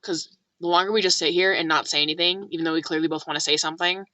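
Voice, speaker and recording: A woman's voice: deep voice, racing, no room sound. A young woman from California telling a story in a casual vlog, chatty, full of "like", acting out what people said. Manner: chatty, lots of "like", animated quoting. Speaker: vlogger.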